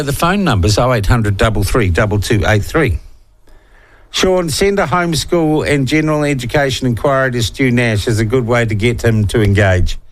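A man with a New Zealand accent hosting talkback radio, reading listener texts and giving blunt, opinionated, sarcastic takes. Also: mid-range voice. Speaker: radio talk show host.

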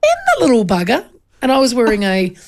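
A woman's voice: on the high side, big pitch swings, quick pace. A woman, animatedly telling a funny story in casual chat and acting out the voices.

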